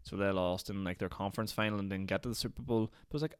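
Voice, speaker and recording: A man's voice: low-pitched, fairly even intonation, very fast, clean tone, no room sound, studio quality. A Northern Irish man hosting a solo podcast, rambling and ranty, with lots of "like" fillers. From Northern Ireland. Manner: rambling, ranty, heavy use of "like". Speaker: podcast host.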